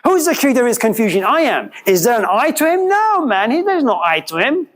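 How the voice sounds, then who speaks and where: A middle-aged man lecturing a class, animated and questioning, telling stories to make his points. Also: extremely high pitch, brisk, rough recording. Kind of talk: classroom lecture with student exchanges.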